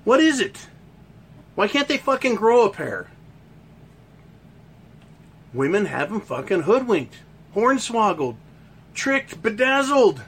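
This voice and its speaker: High-pitched man, heated profane monologue, crude and mocking. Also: big pitch swings, slow, pauses often, fairly bright tone, husky. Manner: crude, heated, swearing constantly, mocking others in put-on voices. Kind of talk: profane opinion rant.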